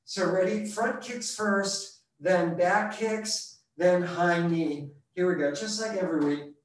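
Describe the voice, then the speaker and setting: Breathless coach counting reps, echoey room. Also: male voice, high voice, takes it slowly. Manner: counts reps aloud, breathless, clears throat. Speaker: running coach. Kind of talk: live workout coaching over video call. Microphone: computer mic on a video call.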